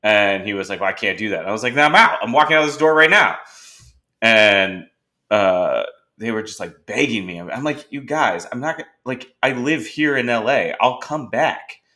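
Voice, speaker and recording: Bright-toned man telling animated stories. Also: fairly low pitch, normal speed. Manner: animated storyteller who acts out quoted dialogue. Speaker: podcast host. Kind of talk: casual conversation.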